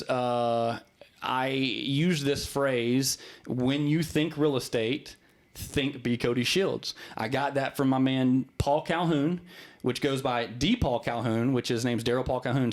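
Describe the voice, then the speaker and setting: Animated man telling a story. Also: mid-range voice. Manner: animated storyteller with many restarts; acts out quoted voices. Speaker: guest, real estate broker. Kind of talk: casual podcast storytelling.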